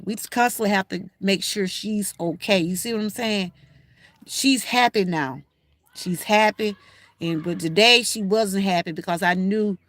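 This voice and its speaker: A woman's voice: medium pitch, fairly bright tone, no echo. An older woman with a Southern Georgia accent, hosting a casual livestream and talking straight to her viewers in a folksy way. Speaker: livestream host.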